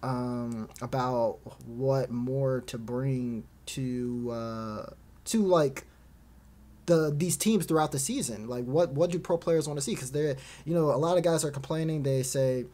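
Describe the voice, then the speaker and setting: A man's voice: medium pitch, measured pace, dark tone. A man hosting a casual esports podcast, rambling with lots of fillers and frequent laughs. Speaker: podcast host. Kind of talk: casual chat about esports.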